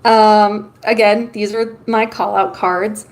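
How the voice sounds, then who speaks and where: A woman's voice: mid-range voice, level tone, slow. A woman streamer chatting casually with her viewers while reading tarot cards, loose and talkative with lots of filler ums. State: has the hiccups. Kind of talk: casual live-stream chat.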